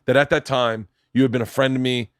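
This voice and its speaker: A man's voice: medium pitch, fast talker, no echo, studio quality. A man in his forties hosting a podcast, telling stories in a casual chat and acting out the people in them. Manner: animated storyteller, acts out quoted voices loudly. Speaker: podcast host.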